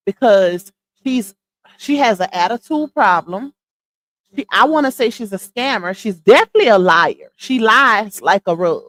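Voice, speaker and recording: A woman's voice: medium pitch, fairly bright tone. A woman hosting a livestream, giving blunt, scolding gossip commentary straight to her viewers.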